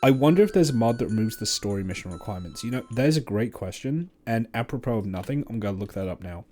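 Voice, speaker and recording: A man's voice: fairly low pitch, expressive, quick pace, dark tone, faint music behind. A young man chatting casually and enthusiastically while streaming a game, rambling with loose asides and casual swearing. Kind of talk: casual gameplay chat.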